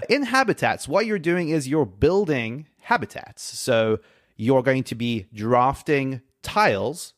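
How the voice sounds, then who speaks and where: A man's voice: medium pitch, animated, dry recording, studio quality. Man explaining a board game. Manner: explanatory, quick-talking, laughs easily. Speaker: podcast co-host. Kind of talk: casual podcast chat.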